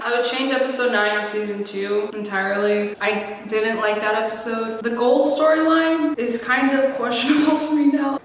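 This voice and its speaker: A woman's voice: on the high side, fairly bright tone, a little hiss or hum. A woman in her twenties chatting casually and giggling as she answers viewer questions. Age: 20s. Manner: giggly, chatty, self-deprecating. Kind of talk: casual Q&A chat. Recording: very echoey room, distant mic.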